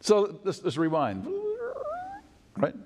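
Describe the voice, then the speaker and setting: A male pastor delivers a sermon with a lively, rising and falling pitch that sits a little above the usual. He swings from loud declarations to hushed asides. His voice rings with the long reverb of a church sanctuary. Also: takes it slowly. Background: congregation responses.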